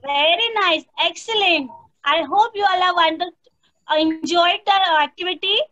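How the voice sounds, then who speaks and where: A woman's voice: extremely high pitch, normal speed, pushed and bright, highs cut off. A woman, teaching young children an online lesson, patiently repeating prompts and imitating animal sounds. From India. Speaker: primary school teacher.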